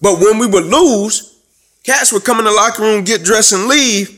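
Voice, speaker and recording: A man whose voice sits a little higher than most men's. He tells his story with a preacher's fire, and his words stack up into loud, rising peaks. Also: moderate pace. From Atlanta, USA. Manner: emphatic and preacher-like, builds to loud, rising climaxes. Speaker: guest, former student. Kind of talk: emotional storytelling interview.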